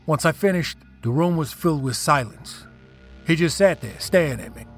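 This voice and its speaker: A man's voice: fairly high pitch, expressive, normal speed, soft background music. A man reading a first-person story aloud, telling it dramatically and with emotion. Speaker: narrator. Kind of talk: first-person scripted narration.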